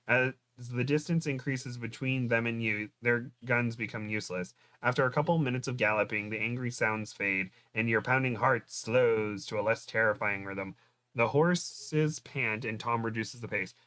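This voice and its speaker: A man's voice: mid-range voice, moderate pace, pushed and bright, no echo. Man, host, comedic read-aloud, dramatic narration, joking asides, dry recording. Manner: dramatic reading broken by laughing asides.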